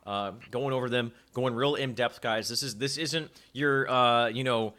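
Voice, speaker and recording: A man hosting a casual gaming show, excitable and joking with his guests over a call. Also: mid-range voice, moderate pace. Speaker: show host. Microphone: video call.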